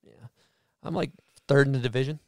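A man's voice: mid-range voice, fairly quick, no echo, clean studio sound. A man from Massachusetts hosting a podcast in casual chat, swearing freely and telling stories with gusto. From Massachusetts, USA. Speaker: podcast host.

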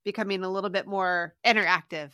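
A middle-aged woman co-hosting a podcast who reacts quickly and chats about parenting. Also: mid-range voice, fairly even intonation, pushed and bright, clear, resonant tone, no room sound, clean studio sound. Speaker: podcast co-host. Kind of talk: casual chat.

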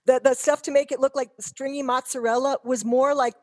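A woman's voice: sits high, little pitch movement, fairly quick. A woman in her fifties, a guest telling rambling, profane, self-mocking stories in casual chat.

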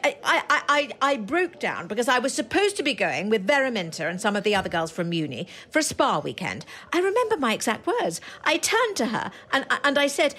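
Self-absorbed suburban gossip, husky, swinging up and down in pitch, played by a woman for comic monologue. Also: very animated, brisk, hardly any pauses, fairly bright tone, heavily acted. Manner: oblivious, self-pitying monologue.

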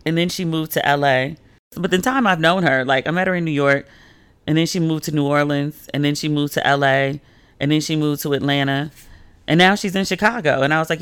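A woman's voice: fairly quick, a bit bright, clear, resonant tone, no echo. Chatty woman host, dry close sound. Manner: chatty storytelling, heavy use of "like", swings pitch when quoting people. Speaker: podcast host. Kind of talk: casual solo chat.

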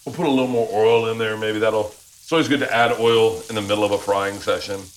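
A man hosting a cooking show who chats casually while he cooks in a kitchen, eager and full of quick agreements. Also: lowish voice, fairly even intonation, a little hiss or hum, rough recording. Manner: eager, chatty, lots of quick yeahs. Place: home kitchen.

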